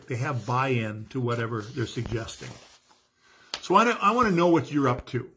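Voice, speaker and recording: A man preaching as a pastor, speaking earnestly and calmly to his congregation. His pitch sits in the middle range for a man, and his manner is pastoral and encouraging. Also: slightly rough. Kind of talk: recorded sermon message.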